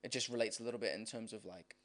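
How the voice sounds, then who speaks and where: A man's voice: fairly low pitch, fairly even intonation, rapid-fire, fairly bright tone. A man with a British accent, co-hosting a casual faith-based podcast chat in a rambling, filler-heavy way. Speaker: podcast co-host.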